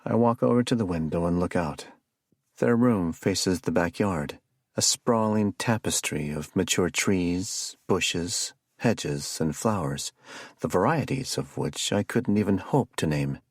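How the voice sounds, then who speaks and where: A man narrating a first-person suspense audiobook in a measured storytelling delivery. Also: deep voice, lively intonation, no room sound, studio quality.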